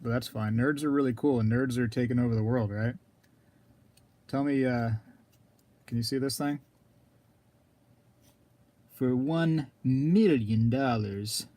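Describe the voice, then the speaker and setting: Male live streamer, casual rambler, warm low-key voice, frequent throat clearing. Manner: rambling, talks to viewers in chat, clears throat often. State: throat scratchy, keeps coughing.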